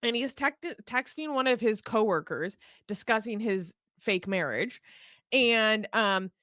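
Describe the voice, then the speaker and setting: A woman's voice: mid-range voice, lively intonation, a little slow, fairly bright tone, dry recording, clean studio sound. A woman hosting a political commentary show, recounting a court case in a chatty, laughing way with many restarts. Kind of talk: casual commentary.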